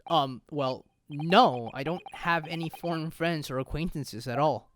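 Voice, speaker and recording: A woman's voice: low voice, a little slow, a little hiss or hum. A woman reading a flustered young man. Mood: puzzled. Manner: flustered, hesitant. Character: young male defendant, flustered and polite.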